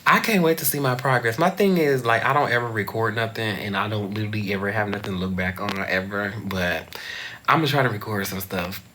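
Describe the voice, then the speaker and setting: A young man chatting casually to camera as a vlogger, expressive, swinging high and loud, and at times dropping to a soft whisper. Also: brisk, slight background noise.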